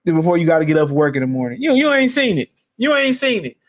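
A man's voice: on the high side, fast talker. A man hosting a podcast, ranting casually with profanity and frequent laughter. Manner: profane, laughing, animated rant. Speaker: podcast host. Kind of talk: casual commentary.

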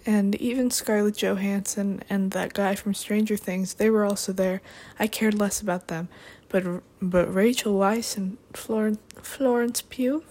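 A woman's voice: medium pitch, mellow. Rambling, sarcastic young woman. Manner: rambling, sarcastic asides, playful. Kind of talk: rambling comedic chat.

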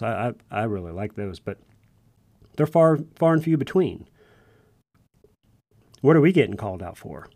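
A man with a somewhat low voice tells a personal story in a folksy, earnest way, stumbling and restarting as he goes. He speaks to first responders. The sound is dry and close, with no room echo. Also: darkish tone. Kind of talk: casual storytelling monologue.

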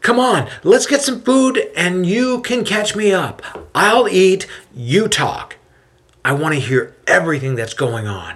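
A man's voice: high voice, lively intonation, a little slow, fairly bright tone, pitched above the performer's own voice, exaggerated voice. A man voicing an eager, earnest teacher. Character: earnest male apostle teacher, warm and eager.

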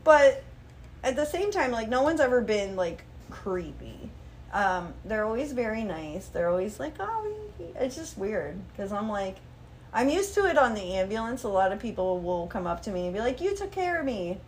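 An animated woman in her thirties tells stories in casual chat, swearing freely and acting out what people said. Her voice sits at a middle pitch. Faint noise hums behind her. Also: moderate pace. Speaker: guest model.

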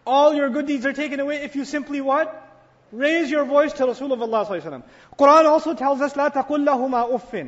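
A man with a very high voice gives an animated sermon, telling a story and putting questions to his listeners. His voice rings through a hall with long reverb. The recording sounds dull and muffled. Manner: animated storyteller, asks audience questions and answers them. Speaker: Islamic speaker. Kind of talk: sermon-style talk.

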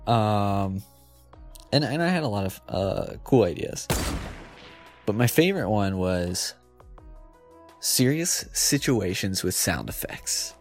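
Giggly low-voiced man riffing for laughs. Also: sing-song, slow pace, long pauses, soft background music. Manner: giggly, playful, restarts and self-corrects. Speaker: comedy podcast host. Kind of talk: rambling comedic monologue.

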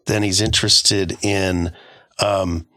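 Forceful middle-aged man telling stories. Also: low-pitched, little pitch movement, slow pace, dry recording, studio quality. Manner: rambling storyteller, frequent restarts. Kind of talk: casual podcast discussion.

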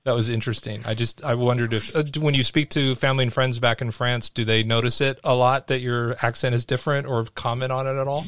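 A man's voice: mid-range voice, flat delivery, quick pace, few pauses, a bit bright, no room sound. Chatty male podcast host. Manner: curious, chatty, filler-heavy questions. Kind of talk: casual interview chat.

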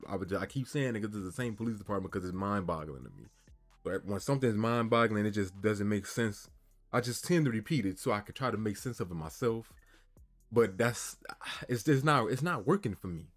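A man's voice: lowish voice, expressive, brisk. A man talks heatedly in casual commentary. He repeats phrases and keeps checking in with his listeners. Faint music plays underneath. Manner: heated, repetitive, frequent "you feel me". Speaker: commentator retelling a news story.

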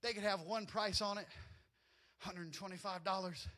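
A man preaching a sermon, telling personal stories in an animated way that often rises almost to a shout. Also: high voice, moderate pace. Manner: animated storytelling, often rising to near shouts, with laughs. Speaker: pastor.

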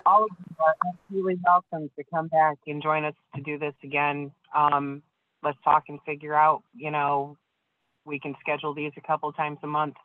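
A man's voice: fairly high pitch, no echo. A man co-organizing a video call event, signing off in an earnest, emphatic way. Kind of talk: casual sign-off. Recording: dry, tinny phone-like call audio.

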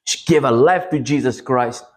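A man with a Congolese accent preaching a sermon, telling stories with lively energy and acting out prayers. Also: mid-range voice, normal speed. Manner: animated storytelling, acting out prayers and street scenes.

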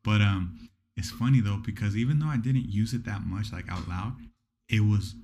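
A man with a fairly low voice talks loosely on a podcast and wanders through his thoughts. Faint background noise sits behind him. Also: normal speed. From Orange County, California. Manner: relaxed, rambling, restarts often. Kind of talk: casual chat.

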